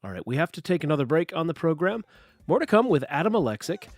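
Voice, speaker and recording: A man's voice: a little high, very animated, fast, no echo. A man hosting a public radio interview, with polished broadcast reads and loose, rambling questions. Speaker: radio show host.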